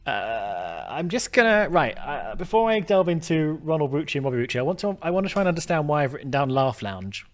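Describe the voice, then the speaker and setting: A man's voice: fairly high pitch, big pitch swings, fairly quick, hardly any pauses. A man casually commenting on a detective game as he plays, thinking aloud with lots of fillers and restarts, chatty and self-mocking. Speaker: gaming video host. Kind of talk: casual let's-play commentary.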